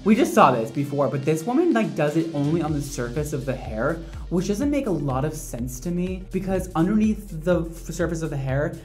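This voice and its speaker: A man, a hairdresser, giving casual reaction commentary in a sassy, animated way with dramatic exclamations. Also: on the high side.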